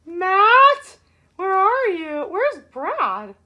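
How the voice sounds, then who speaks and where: A woman's voice: extremely high pitch, very animated, very slow, highs cut off. A woman hosting a casual live-stream show, bubbly, greeting viewers by name in sing-song calls. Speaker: show host.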